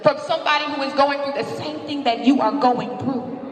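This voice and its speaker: A woman with a high voice delivers a passionate motivational talk, speaking openly as a guest speaker. She is picked up from far off in a big hall, and her words ring out with a long reverb. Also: brisk. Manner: passionate, candid testimony. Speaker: guest speaker at a women's seminar. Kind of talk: motivational speech. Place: large hall, live audience.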